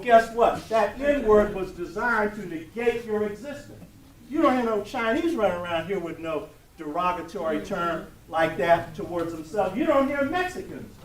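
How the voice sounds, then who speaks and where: An older man lectures a college class in a preacherly call-and-response style, often asking whether his listeners follow. His voice sits high for a man. He is recorded from a distance in an echoey room with faint noise behind him. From United States. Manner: preacherly, asks the room for affirmation. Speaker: lecturer speaking to college students.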